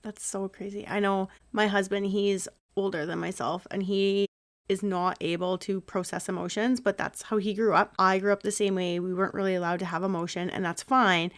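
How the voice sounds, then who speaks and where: A woman's voice: mid-range voice, little pitch movement, normal speed. A woman hosting a podcast interview, talking earnestly and reflectively in a casual, conversational way and sharing stories about raising her son. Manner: earnest, reflective, shares personal parenting stories. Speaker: podcast host.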